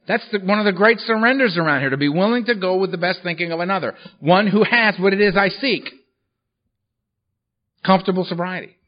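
A man speaking at a recovery meeting workshop tells his own story bluntly, with profanity and humor. His voice sits high and his pace is brisk. The lo-fi recording sounds dull.

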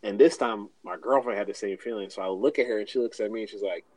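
A man tells a story in a loose podcast chat. He is animated, laughs often and jumps up in pitch to act out what he said at the time. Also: fast, no room sound, rough recording. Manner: animated, laughing, acts out his own quotes in higher voices.

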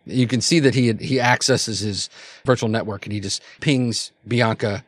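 A man's voice: medium pitch, normal speed, no room sound, studio quality. A man narrating a tabletop role-playing game as game master, rambling with many fillers and restarts.

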